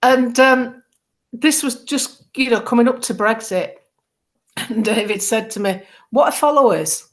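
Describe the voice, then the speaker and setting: Middle-aged woman, guest on a talk show, lively storyteller who acts out every quote. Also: a little high, measured pace. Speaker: political campaigner, guest. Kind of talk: casual chat.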